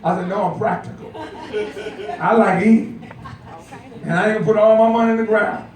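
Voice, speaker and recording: A man's voice: high-pitched, fairly even intonation, fairly quick, darkish tone. An older man preaching a sermon as pastor, folksy and joking, calling out to the congregation for responses. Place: church sanctuary. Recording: echoey church heard from far off.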